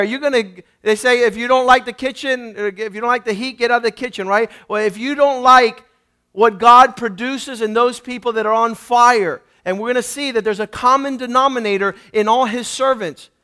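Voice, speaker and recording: A man preaching with a very high voice that is bright and forceful. He reads scripture aloud, then builds each point into loud, emphatic exhortation. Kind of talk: sermon.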